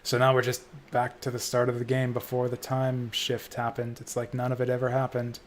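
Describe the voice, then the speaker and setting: A man's voice: medium pitch, completely flat delivery, brisk. A man streaming a game, reading its dialogue aloud in a dramatic way and drifting into casual, profane asides. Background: faint game music.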